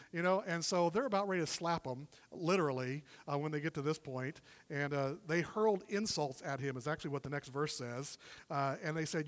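A man preaching a sermon as a guest preacher, retelling the passage in an animated, conversational way with quoted dialogue. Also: fairly high pitch, brisk, long reverb tail. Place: church service in a warm room.

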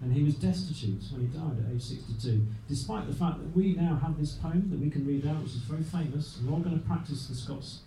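The man's voice is on the high side and dark in tone, rushing along with few pauses as he hosts a live show and chats over facts from his notes. Captured from afar in an echoey venue, there's faint noise underneath.

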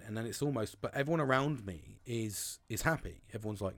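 A man talks things through in a loose, rambling monologue. His voice sits fairly low, and he swears freely and keeps calling people "mate". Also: expressive, brisk, few pauses, fairly bright tone. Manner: rambling, swears often, says "mate" a lot. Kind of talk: casual monologue.

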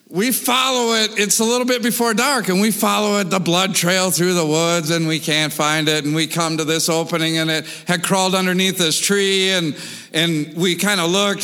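A high-pitched, bright-voiced man tells a wild story in a casual, animated way, with lots of swearing and sound effects. His voice carries a long reverb from a big hall. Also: smooth.

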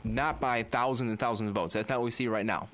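A man questioning a witness at a hearing, hesitant and halting as he repeats his words. His voice sits at an average pitch for a man. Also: steady tone, fairly bright tone.

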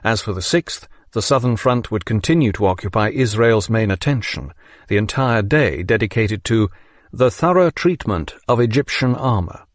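A man narrating a history audiobook in a measured, steady reading. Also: fairly low pitch, no echo, clean studio sound.

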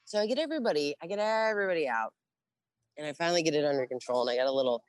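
Low, dry-voiced middle-aged woman, blunt and profane storyteller, lively quotes. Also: racing, no echo. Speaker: interview guest, Navy veteran. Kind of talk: casual storytelling.

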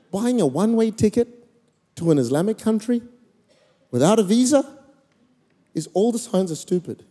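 A middle-aged Australian man preaching a storytelling sermon, animated, acting out conversations and shouting his exhortations. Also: high-pitched, normal speed, pauses often. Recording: echoey hall reverb.

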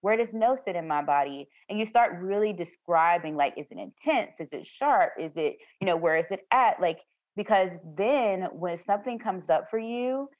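A woman's voice: mid-range voice, lively intonation, moderate pace, few pauses, no echo. A woman guest telling about an experience in an earnest, affirming way. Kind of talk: conversational storytelling. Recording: dry, slightly dull sound.

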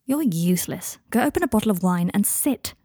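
Woman doing a teasing young man, casual, husky, storybook reading. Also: medium pitch, expressive, a little fast, mellow, dry recording, studio quality. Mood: exasperated.

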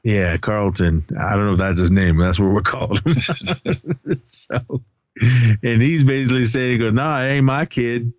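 A man's voice: on the low side, measured pace, pauses often, no echo, lo-fi sound. Man casually recapping a movie. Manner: retells scenes loosely, acting out lines, laughs often. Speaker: podcast co-host.

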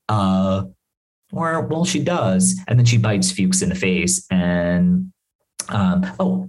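A man casually recapping a TV episode on his podcast, rambling and animated, with asides and swearing. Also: sits low, poor audio.

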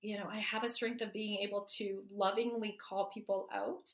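A woman in her forties, a healer and coach, talking casually in an interview, animated and laughing often as she acts out quoted dialogue. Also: medium pitch, normal speed. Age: 40s.

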